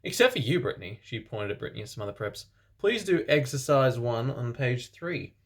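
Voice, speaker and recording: A man reading fan fiction aloud for comedy, deadpan, with sarcastic asides. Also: medium pitch, normal speed.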